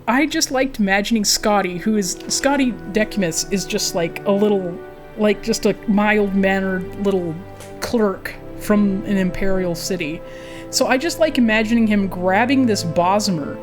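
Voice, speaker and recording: A woman streaming a game, reading a book aloud and breaking off for chatty, giggly asides. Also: medium pitch.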